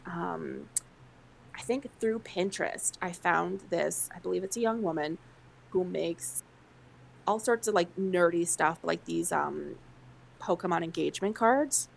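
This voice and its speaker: A woman co-host chats casually, her voice low and gravelly, full of "um" and "like". A faint hiss sits under the recording. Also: measured pace, poor audio. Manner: chatty, many fillers. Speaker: podcast co-host. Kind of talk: casual chat.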